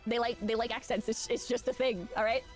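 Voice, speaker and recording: A woman streamer hands out casual, brisk advice and keeps checking in with "right?". Her voice sits a little high. Faint music plays softly behind her. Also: steady tone. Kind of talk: casual chat.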